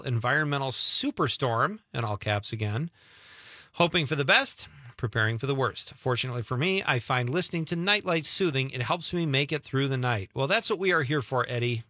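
A man's voice: mid-range voice, bright, forceful tone, dry recording, clean studio sound. A man hosting a late-night radio show, chatting casually and joking as he reads listener texts aloud.

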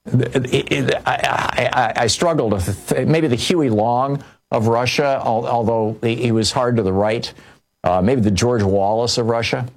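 A man's voice: mid-range voice, a little slow. An older man telling a personal story in political commentary, rambling with many restarts and fillers.

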